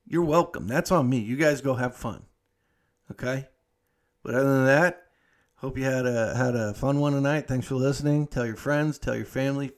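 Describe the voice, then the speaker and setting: Profane laid-back male podcast host. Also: medium pitch. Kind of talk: casual storytelling monologue.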